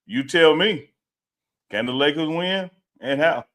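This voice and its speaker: Animated man hyping a show. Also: fairly high pitch, unhurried. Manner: animated, exclamatory, hype-man delivery. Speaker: co-host of a sports talk show. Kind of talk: live stream sports talk.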